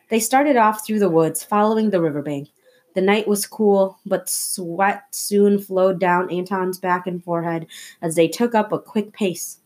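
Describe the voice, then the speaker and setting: A woman's voice: mid-range voice, a little slow, darkish tone. A woman reading a wartime novel aloud, telling the story expressively with small slips and restarts. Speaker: audiobook reader.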